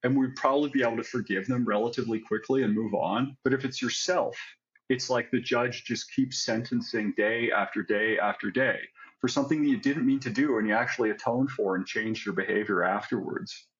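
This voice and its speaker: A man's voice: medium pitch, fairly quick, fairly bright tone, highs cut off. A man telling his own story as an interview guest, candid and reflective, often adding "like" and "right?". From United States. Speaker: guest, psychiatric pharmacist.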